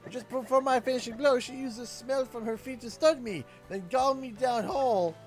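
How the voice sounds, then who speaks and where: A man putting on a folksy high-voiced turtle dad. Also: brisk, soft background music. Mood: cheery. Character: cheerful middle-aged male turtle father, folksy.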